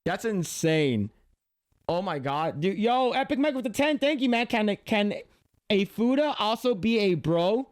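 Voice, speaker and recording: A man's voice: high voice, sing-song, unhurried, no echo, clean studio sound. Exasperated, foul-mouthed reactor man. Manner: profane, exasperated, repeats himself. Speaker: livestream reactor. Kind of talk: casual reaction commentary.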